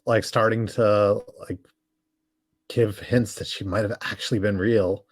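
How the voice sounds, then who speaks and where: A man chats casually about a film as a guest reviewer. His voice sits on the low side. His delivery is relaxed and hedging. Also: a little slow. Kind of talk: casual movie review chat.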